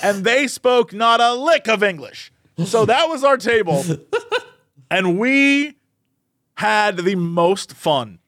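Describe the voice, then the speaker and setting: A man with a high, lively voice that jumps around as he tells a story. He chats casually on a podcast and acts out the people he quotes. The sound is close and dry, with no room around it. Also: slow pace, no room sound. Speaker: podcast co-host. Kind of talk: casual chat.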